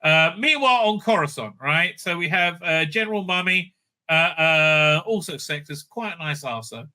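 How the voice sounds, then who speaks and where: A man's voice: a little high, expressive, normal speed, pushed and bright. A man recapping and reviewing a TV episode in a rambling, profane and sarcastic way. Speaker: show reviewer.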